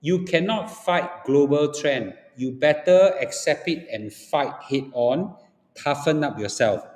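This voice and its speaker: A man with a Singaporean accent lectures bluntly over a livestream, dropping "okay?" and "ah" between points. His voice sits a little high. The room echoes with a long, roomy reverb. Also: animated, takes it slowly, a little mellow. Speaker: livestream host. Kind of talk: opinionated livestream talk.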